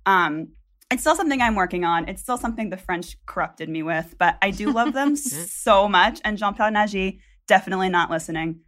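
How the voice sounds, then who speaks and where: A woman's voice: medium pitch, lively intonation, a little fast, a bit bright. A woman, a podcast producer, telling a story in casual chat, rambling with lots of likes and ums. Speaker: senior producer, guest.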